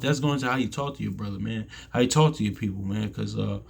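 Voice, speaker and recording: Low, gravelly man teaching scripture. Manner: halting, restarts often, ends phrases with "man". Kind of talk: casual scripture teaching with verse reading.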